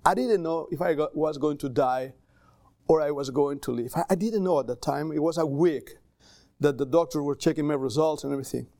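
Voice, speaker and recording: A male pastor preaching a sermon in a church in accented English with small grammar slips, conversational and animated. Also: a little high, a little fast, no room sound, studio quality. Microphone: livestream camera mic.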